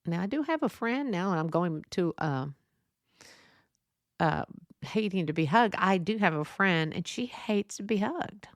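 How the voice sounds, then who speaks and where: A woman's voice: fairly low pitch, animated, a little slow, no echo, studio quality. A woman hosting a podcast, talking casually in a rambling, chatty way with lots of fillers. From Texas. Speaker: podcast host. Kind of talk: casual solo podcast monologue.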